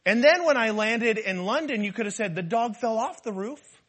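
A woman's voice: lively intonation, normal speed, fairly bright tone. A man putting on a fussy, exasperated wife who scolds her husband, as a joke told in a sermon. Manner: exasperated, scolding, high-pitched. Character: fussy upset wife, middle-aged woman.

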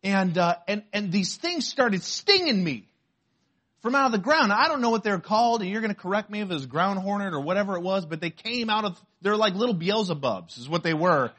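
A man, a pastor, preaching a sermon and telling a story from his own life in an animated way. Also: high voice, brisk. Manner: animated storytelling, shouts when acting out pain.

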